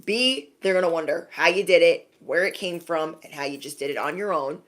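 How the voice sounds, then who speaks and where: A young adult woman giving a sassy, animated spiritual pep talk to her viewers, acting out little scenes as she goes. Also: fairly low pitch, brisk. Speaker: intuitive reader.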